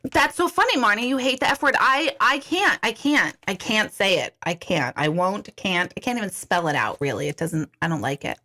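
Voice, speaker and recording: A middle-aged woman hosts a casual livestream and chats with her viewers. Her voice is bright and forceful, and she talks in a chatty, giggly way, often restarting her sentences. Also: medium pitch, animated, moderate pace, hardly any pauses. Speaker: intuitive coach hosting a livestream. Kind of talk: casual live chat reading viewer comments.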